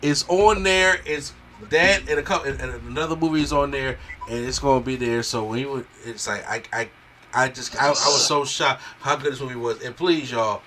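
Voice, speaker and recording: A man hosting a casual movie review podcast, talking excitedly and swearing as he acts out scenes. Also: medium pitch, brisk, a little hiss or hum. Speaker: podcast host.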